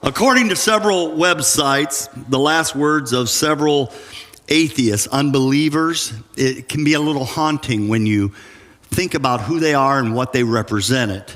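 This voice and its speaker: A man's voice: mid-range voice, moderate pace, a bit bright. Man preaching in a reverberant church. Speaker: pastor. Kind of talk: sermon. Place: church sanctuary. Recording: church sanctuary with long reverb.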